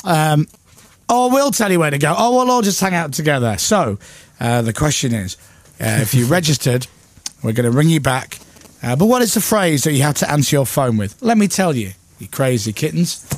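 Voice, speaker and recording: A man's voice: fairly high pitch, lively intonation, normal speed. A man from Coventry with an English accent, hosting a radio breakfast show in casual, playful chat from a studio mic. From England. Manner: jokey, playful, bursts into silly shouts. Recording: music playing under speech.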